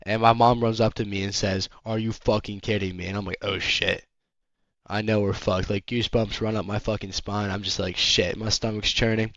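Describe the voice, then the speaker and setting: A man's voice: fairly low pitch, level tone, brisk, few pauses, fairly bright tone, dry recording, muffled recording. A young man telling a rambling storytime story in casual chat, filled with "like" and swearing. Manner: rambling, heavy swearing, lots of "like". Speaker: vlogger.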